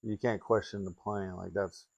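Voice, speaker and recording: Deep gravelly man, low-key. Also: steady tone, no echo, muffled recording. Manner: low-key, halting, with many fillers. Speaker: podcast co-host, fighter. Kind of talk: casual chat.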